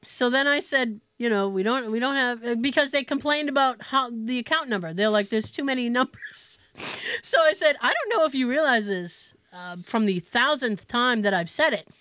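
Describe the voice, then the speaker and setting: A woman's voice: on the high side, normal speed, a bit bright, clean tone, no echo. An American woman co-hosting a podcast, telling a story in a casual chat and acting out both sides of a phone call. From United States. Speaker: podcast co-host.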